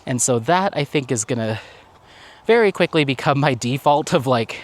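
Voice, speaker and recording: A man's voice: mid-range voice, animated, normal speed. A man vlogging casually while out on a walk, talking in a rambling, chatty way and laughing often. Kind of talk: casual walk-and-talk vlog. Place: outdoors on a walk.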